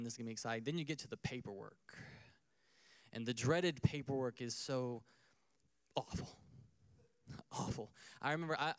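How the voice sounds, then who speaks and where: A man's voice: mid-range voice, clean tone, dry recording. A man preaching a sermon in a conversational way, acting out little scenes and asking the crowd questions. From United States. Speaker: pastor.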